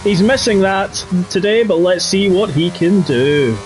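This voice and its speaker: Chatty high-voiced race commentator. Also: male voice, a little slow. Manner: chatty and jokey, with playful quips. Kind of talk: live sim-racing commentary.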